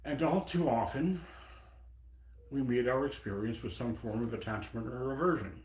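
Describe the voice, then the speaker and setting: A man in his seventies giving a dharma talk as a Buddhist teacher, reflective, pausing and personal. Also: medium pitch, darkish tone. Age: 70s. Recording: echoey meeting room.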